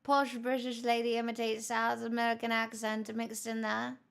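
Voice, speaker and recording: A woman's voice: fairly high pitch, monotone, moderate pace, gravelly, fairly bright tone, clean tone. A woman streamer chatting casually while reacting to a video, answering chat and slipping playfully in and out of mixed mock accents. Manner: answers live chat messages.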